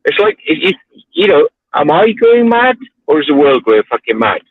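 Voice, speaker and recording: A sweary man rants as he drives, his voice swinging up and down with a lively, restless energy. He sounds slightly husky, and he comes through a thin, tinny phone line. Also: fairly high pitch, normal speed, no echo. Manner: sweary, ranting, animated. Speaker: livestream host. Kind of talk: casual ranting chat. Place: in his car, driving.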